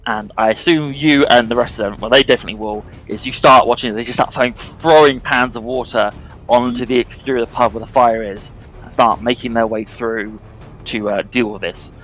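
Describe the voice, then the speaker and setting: A man narrating as game master of a tabletop game, describing scenes in a relaxed way with many fillers. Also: mid-range voice, a little fast, poor audio.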